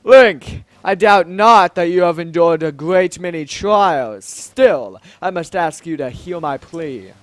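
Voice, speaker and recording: A man voicing a regal old male fish king who talks slowly in a formal, old-fashioned way. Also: a little high, lively intonation, fairly bright tone, no room sound. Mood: solemn pleading. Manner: slow, stately, old-fashioned speech.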